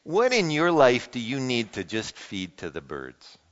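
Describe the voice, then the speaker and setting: A man preaching a sermon in a church, speaking in an earnest, conversational way and citing scripture quickly. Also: mid-range voice, huge pitch swings, fairly bright tone. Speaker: pastor. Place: church sanctuary. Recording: muffled sound in a reverberant hall.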